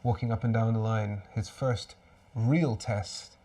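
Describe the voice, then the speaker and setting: A man's voice: on the low side, fairly even intonation, unhurried, warm tone, recorded from a distance. A man hosting a live fan watchalong stream, commentating on the match with exasperated outbursts and resigned muttering.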